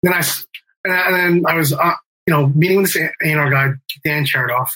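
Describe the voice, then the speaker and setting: A middle-aged man tells a story in casual interview talk, circling back with fillers and restarts and swearing freely. His voice is bright and slightly raised in pitch, with a husky edge. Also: fast talker, rough recording. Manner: rambling, many fillers and restarts, swears, acts out quotes. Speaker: guest, band member and music manager.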